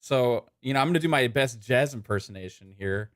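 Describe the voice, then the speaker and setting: A man's voice: mid-range voice, animated, a little fast, fairly bright tone. A man co-hosting a podcast, chatting in a loose, jokey, crude way. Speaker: podcast co-host. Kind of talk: casual podcast chat.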